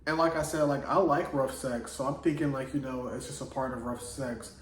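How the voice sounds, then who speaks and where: A man vlogs a personal story in a loose, slangy, casual monologue packed with "like." His mid-range voice is fairly even in intonation and fairly quick. He sounds distant in an echoey room, with a little hiss or hum in the background.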